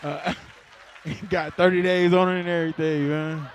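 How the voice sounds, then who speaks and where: A man's voice: on the high side, level tone, measured pace, a little hiss or hum. A young adult man doing a stand-up comedy set, laid-back, chuckling between jokes and drawing out his punchlines.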